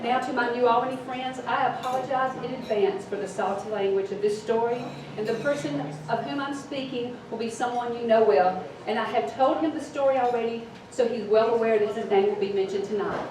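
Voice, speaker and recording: A woman in her fifties with a deep Southern accent, telling a story on stage in a formal, earnest way. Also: a little fast. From Mississippi. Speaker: storytelling contestant. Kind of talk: live storytelling. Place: event hall with audience. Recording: echoey hall, distant mic, noisy.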